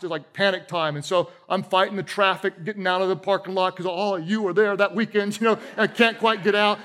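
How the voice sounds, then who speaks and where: A middle-aged pastor delivers a sermon with a notably high voice. He tells stories with humor and audience asides, speaking to a congregation in a church. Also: fairly even intonation, a little fast, few pauses, a bit bright. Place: church auditorium with a live congregation.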